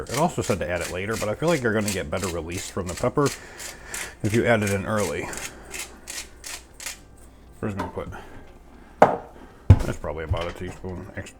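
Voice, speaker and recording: A man's voice: sits low, background noise. A man hosting a casual cooking video, chatting in a goofy, self-mocking way as he makes a sauce in his home kitchen. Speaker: cooking channel host.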